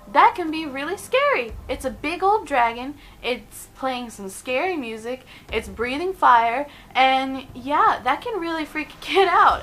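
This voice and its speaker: A young woman in her twenties hosting a casual countdown vlog, chatty and animated, often giggling between points. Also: high voice, a little hiss or hum, rough recording. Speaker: video host.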